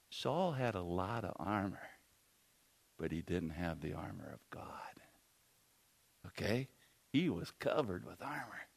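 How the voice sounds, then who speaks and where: A man's voice: fairly low pitch, creaky, husky. A man preaching a sermon, telling the story in a rambling way full of fillers.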